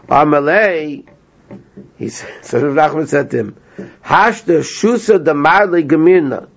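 A man teaching a small class, retelling a story with lively energy and translating as he goes. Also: a little high. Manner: animated storyteller, translating line by line, laughs often. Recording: lo-fi dull sound.

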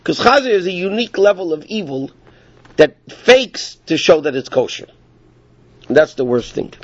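A man's voice: on the high side, big pitch swings, normal speed, no room sound. A man teaching a class through casual, rambling stories, often breaking off mid-sentence. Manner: casual, rambling, self-interrupting. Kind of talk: informal storytelling lesson. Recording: dull lo-fi dry recording.

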